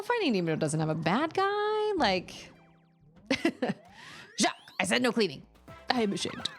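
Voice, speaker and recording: A woman talking through a live game stream, her pitch leaping up and down as she reacts. She chats loosely between quick exclamations, with faint game music playing behind her. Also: gravelly. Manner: chatty, animated, quick to exclaim. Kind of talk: live-stream gaming commentary.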